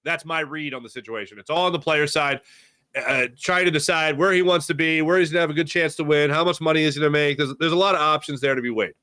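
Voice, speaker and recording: A man's voice: on the high side, fast talker, bright, forceful tone, no echo, studio quality. A man hosting a sports talk stream, rambling and joking as he reads out chat comments. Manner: rambling, jokey, reacts to chat names. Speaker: sports talk show host. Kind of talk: casual live-stream chat reading comments.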